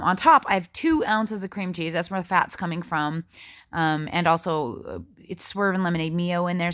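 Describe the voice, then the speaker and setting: A woman's voice: fairly low pitch, a bit bright. A woman in her forties chatting casually in a diet vlog, rambling as she lists out her meals. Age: 40s. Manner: chatty, rambling, counts out food amounts. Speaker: vlogger.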